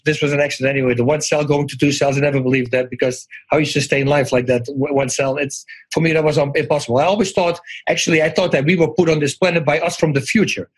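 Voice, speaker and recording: A middle-aged man from the Netherlands with a Dutch accent, telling stories as an interview guest, animated, acting out quoted lines and often restarting his sentences. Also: on the high side, husky, poor audio. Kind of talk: casual interview storytelling.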